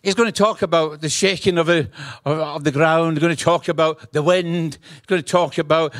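A man's voice: fairly high pitch, brisk, no echo, clean studio sound. A middle-aged man with a Scottish accent, preaching a humorous, storytelling sermon and acting out dialogue. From Scotland. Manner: humorous, animated, acts out dialogue. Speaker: guest preacher.

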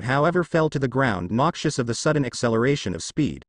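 A man narrating a fan fiction story aloud in a plain, steady reading voice with occasional misread words. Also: medium pitch, a little fast, few pauses, no echo.

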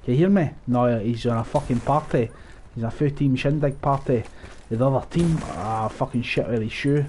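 A man giving live, profane, rambling commentary over his own gameplay, breaking into excited outbursts. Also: medium pitch, normal speed, few pauses, a little hiss or hum. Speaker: gaming channel host.

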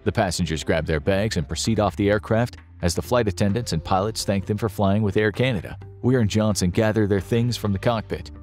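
Deep-voiced man narrating a tense story. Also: brisk, hardly any pauses, soft background music. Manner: steady dramatic storytelling. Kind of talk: scripted narration.

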